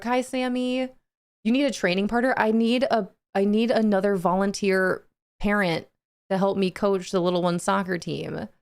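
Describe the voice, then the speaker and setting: Chatty woman streamer with a smooth voice. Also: mid-range voice. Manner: chatty, laughs often, greets viewers by name. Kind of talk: casual chat with live chat viewers.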